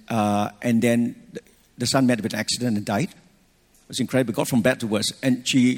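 A middle-aged man with a husky, slightly breathy voice gives a sermon. He tells a personal story with lively, restarting phrasing. His words carry a long echo through a large church hall. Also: mid-range voice. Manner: animated, personal anecdotes with restarts. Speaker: pastor.

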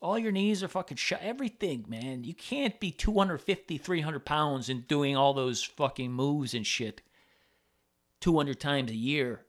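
A man's voice: a little high, expressive, a little slow. A man hosting a podcast, talking in a rambling, profane casual monologue with many restarts. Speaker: podcast host.

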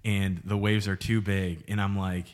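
A man in his late twenties hosting a podcast, telling a story in animated casual chat and laughing as he goes. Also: deep voice, moderate pace. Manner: animated storyteller who laughs mid-sentence. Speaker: podcast host.

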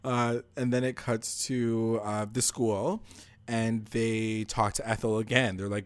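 A man's voice: fairly low pitch, slow pace, no echo. Slangy young man, dry close sound. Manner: animated, slangy, acts out characters' lines. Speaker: podcast co-host recapping a TV episode. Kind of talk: casual chat.

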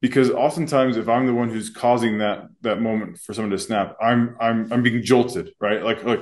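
A man's voice: medium pitch, steady tone, moderate pace, few pauses, a little mellow. A man co-hosting a podcast, speaking earnestly and reflectively as a school leader in casual discussion. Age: adult with children. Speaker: school administrator and podcast co-host.

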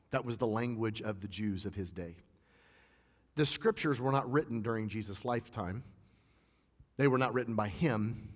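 A male pastor delivers a sermon, moving between plain teaching and personal stories and pressing his points with emphasis. His voice sits at an ordinary pitch for a man. A long reverb from the large church hall trails each phrase.

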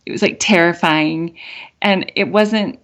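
A middle-aged woman hosting a podcast, telling a dream story in a soft, reflective way, with many "like" fillers and light laughs. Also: on the low side, a little slow. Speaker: podcast host. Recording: dull lo-fi audio with faint guitar.

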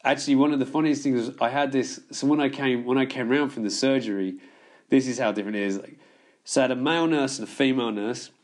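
A man's voice: mid-range voice, quick pace. A man telling long stories in casual podcast chat, swearing freely and laughing as he goes. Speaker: podcast guest.

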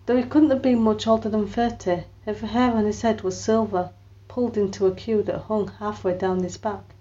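Woman reading a story aloud, expressive. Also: mid-range voice, moderate pace, lo-fi sound. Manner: expressive storytelling, lifts her voice for quoted lines. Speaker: audiobook narrator. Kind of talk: scripted narration with character voices.

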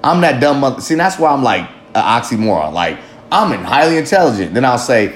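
A man's voice: mid-range voice, big pitch swings, a little fast, slight background noise. A man talking candidly to camera in a rambling, self-reflective monologue, swearing freely and often laughing at himself. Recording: roomy echo with faint ambience.

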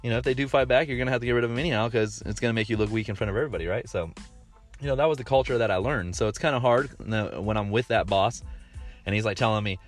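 A man's voice: mid-range voice, racing, soft background music. A man in his thirties hosting a casual monologue, rambling with lots of fillers and restarts, blunt and swearing freely. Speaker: podcast host.

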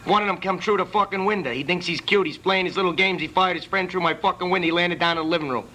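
A man puts on a brash New York homeowner with an Italian-American accent, swearing nonstop and bossing the listener around. The voice sits a bit high and rattles off words quickly, with a bright, forceful edge. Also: poor audio. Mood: ranting. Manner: profane, pushy, ranting. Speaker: prank caller. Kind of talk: prank phone call.

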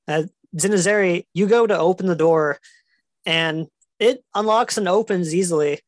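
Woman game master, low-pitched, easygoing narration with fillers. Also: moderate pace, no echo. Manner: relaxed, hesitant with fillers.

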